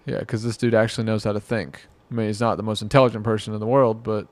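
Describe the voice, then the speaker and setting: A man's voice: lowish voice, level tone, fast talker, no room sound. A man giving rambling, exasperated reaction commentary, muttering to himself and mocking what he watches. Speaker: commentary vlogger.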